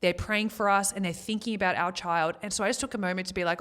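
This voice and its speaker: A young woman talks openly on a podcast, her voice at an everyday middle pitch. She tells a painful personal story, welling up now and then, yet she still laughs easily. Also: fairly bright tone. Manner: emotional, tearful at moments, quick to laugh. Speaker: podcast co-host.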